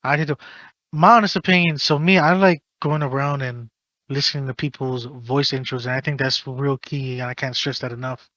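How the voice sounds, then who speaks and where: Bright, animated man ranting on a podcast. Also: mid-range voice, fairly quick, dry recording, muffled recording. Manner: animated ranting, swearing, mocking impressions. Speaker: podcast host. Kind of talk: casual podcast chat.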